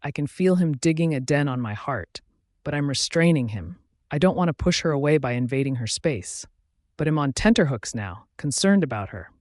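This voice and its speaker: A man narrating a fantasy romance audiobook in the first person, with expressive, dramatic inner monologue. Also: on the high side, moderate pace, no echo, studio quality.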